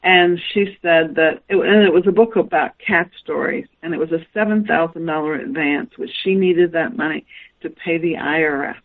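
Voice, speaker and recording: A woman's voice: low-pitched, normal speed, phone-quality sound. A woman guest author telling anecdotes in a radio interview and acting out the dialogue she quotes. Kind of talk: storytelling interview.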